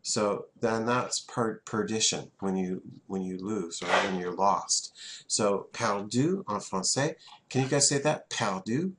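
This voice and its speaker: A man's voice: on the low side, unhurried, background noise. A man, teaching a French class in a classroom and having students repeat words back.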